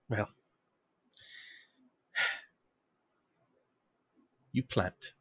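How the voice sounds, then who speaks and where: A man's voice: extremely slow, sharp tone, no echo. A man playing a tabletop game, chatting in a hesitant, laid-back way. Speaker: player. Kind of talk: casual game-table chat.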